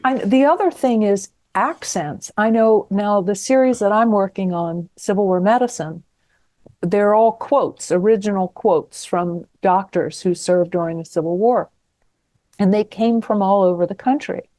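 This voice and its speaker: A woman's voice: mid-range voice, a little slow, dark tone, no room sound. A woman hosting an interview show, asking engaged follow-up questions. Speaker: show host.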